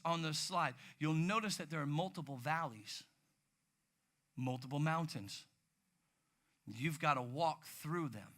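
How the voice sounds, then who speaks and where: A male pastor delivers a sermon with a bright, forceful tone and a voice sitting a little high. He talks in lively swings, dropping to hushed, low passages and then rising to loud, near-shouted bursts.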